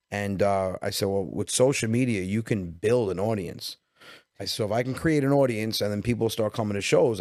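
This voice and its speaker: A man in his forties with a New York Italian-American accent, a comedian telling stories as a podcast guest, animated and quick, acting out dialogue. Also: lowish voice, no echo, clean studio sound. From Westchester, New York. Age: 40s. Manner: animated storyteller, quick bursts, acts out dialogue. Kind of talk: casual podcast storytelling.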